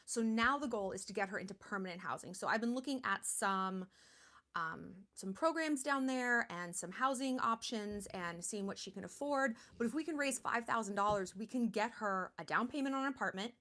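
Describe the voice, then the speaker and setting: A woman's voice: medium pitch, lively intonation, normal speed, a bit bright. A woman in her thirties hosting a charity livestream, talking in a chatty, blunt way with lots of fillers. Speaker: livestream host. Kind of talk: casual livestream talk.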